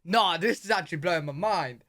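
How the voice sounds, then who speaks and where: A British man hosting a reaction video, talking in a chatty, excitable way with lots of casual slang. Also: fairly high pitch, normal speed, no echo, studio quality. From Britain. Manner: chatty, excitable, says "bro" and "like" a lot.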